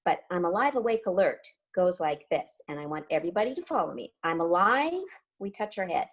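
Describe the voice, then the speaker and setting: A middle-aged woman leading a sing-along warm-up as choir leader, upbeat and coaching, with crisp diction. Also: on the low side, lively intonation, fast.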